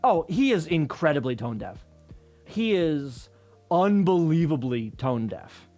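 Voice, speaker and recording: Animated, profane man ranting casually. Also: on the high side, measured pace, soft background music. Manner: profane, ranting, exasperated storytelling. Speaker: streamer. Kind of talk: casual chat with chat while working.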